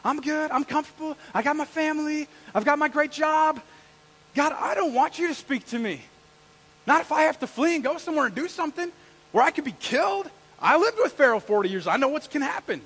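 A man voicing an excited, then anxious, middle-aged male Moses, exclaiming and pleading. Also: very high voice, a little fast, big-room sound, pitched above the performer's own voice, exaggerated voice. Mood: anxious protest.

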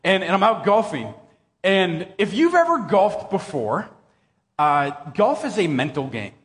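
A middle-aged man preaching a sermon as pastor, conversational and animated, telling jokey stories with bursts of shouting. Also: high voice, a little slow. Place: church hall. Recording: long hall reverb.

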